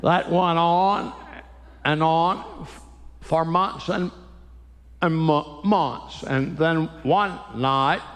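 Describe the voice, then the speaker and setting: A Christian comedian tells folksy jokes in an unhurried, stop-start way, chuckling at his own lines. His voice sits a little high and carries through the long reverb of a church sanctuary during a live show. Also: fairly bright tone. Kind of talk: live stand-up storytelling. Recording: echoey hall, live show.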